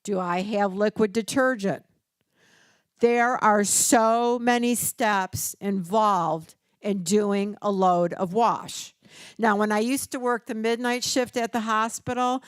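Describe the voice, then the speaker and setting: Older woman workshop presenter, unhurried, dry close sound, storyteller who acts out quotes. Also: mid-range voice, clean tone, dry recording. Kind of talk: teaching workshop talk.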